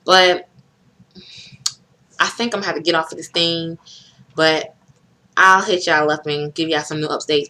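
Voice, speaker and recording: Young woman vlogging, lowish voice but bright and punchy, just chatting and telling a story. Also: fairly even intonation, moderate pace, pauses often. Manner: chatty storytelling with rising pitch in quoted speech. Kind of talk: casual chat to camera.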